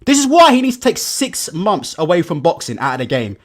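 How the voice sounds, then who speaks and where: A man hosting a reaction video, giving animated, mock-emotional commentary and laughing a lot. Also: a little high, brisk.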